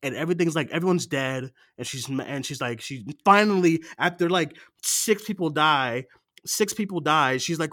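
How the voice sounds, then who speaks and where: A man co-hosting a film podcast in casual chat, animated and swearing, acting out movie lines between bursts of laughter. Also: a little high, normal speed, dry recording, studio quality. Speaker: podcast co-host.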